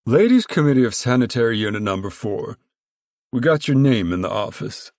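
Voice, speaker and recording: A man reading aloud and voicing a big, powerful woman who chairs a camp committee, booming, formal and proud. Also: animated, a little fast, darkish tone, dry recording, studio quality, natural voice.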